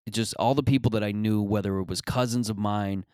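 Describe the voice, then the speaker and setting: Low-voiced man rambling comedy monologue. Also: fairly even intonation, fairly quick, a little mellow, dry recording. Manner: rambling, profane, self-deprecating. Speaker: comedian host.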